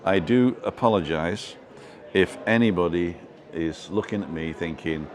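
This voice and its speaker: A man's voice: low-pitched, unhurried, crowd noise. A man with a relaxing voice, from the UK, hosting a casual live stream and chatting his way through viewer comments.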